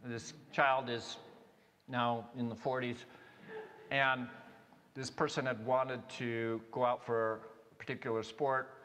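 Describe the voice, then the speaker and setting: A male pastor preaching a sermon in a conversational, halting way, with many restarts and fillers. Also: mid-range voice, level tone, a bit bright, a little hiss or hum. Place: church sanctuary. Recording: long reverb of a church hall.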